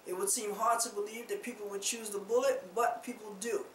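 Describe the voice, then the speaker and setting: A woman's voice: mid-range voice, fairly even intonation, brisk. A woman preaching an informal sermon in a loose, conversational way, full of rhetorical questions and "you know". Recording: roomy echo, distant mic, faint noise.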